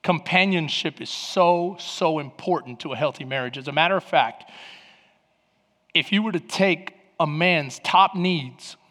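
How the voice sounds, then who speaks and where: A man preaching a sermon, telling stories animatedly with bursts of shouting. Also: a little high, a little slow, in a large hall. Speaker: pastor.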